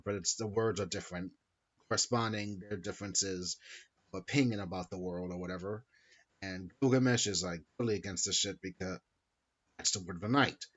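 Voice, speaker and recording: A podcast host casually recaps a story, rambling, correcting himself, and swearing now and then. His voice is on the low side and a bit bright, and the recording has a dull, lo-fi sound.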